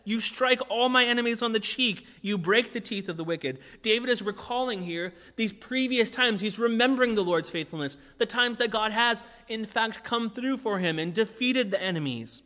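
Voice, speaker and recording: A man with a high, bright voice preaching a sermon. He talks in a relaxed, conversational way, repeating short phrases for emphasis. His voice rings out in a long hall reverb. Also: normal speed, few pauses. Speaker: pastor.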